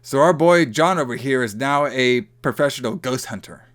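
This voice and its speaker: A man co-hosting a podcast, recapping a horror film in a loose, chatty way. His pitch is in a middling range, neither deep nor high, and he keeps filling gaps with "like" and "you know". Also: moderate pace, fairly bright tone. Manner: loose, rambling, heavy on fillers like "like" and "you know". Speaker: podcast co-host. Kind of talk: casual movie recap chat.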